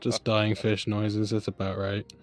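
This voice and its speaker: A man's voice: fairly low pitch, monotone, unhurried, soft background music. A man hosting a casual podcast chat, joking and teasing his co-hosts. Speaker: podcast host.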